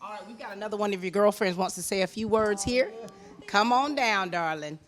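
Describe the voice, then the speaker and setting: A woman's voice: mid-range voice, brisk. A woman hosting a TV tribute segment, prompting guests with short encouraging remarks. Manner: encouraging, brief affirmations. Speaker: TV host. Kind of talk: on-location interview.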